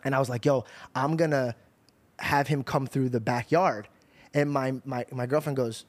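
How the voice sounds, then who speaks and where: A man hosting a podcast, hyper and rambling as he tells stories, jumping up in pitch when he quotes people. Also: measured pace, long pauses. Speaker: podcast host. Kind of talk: casual chat.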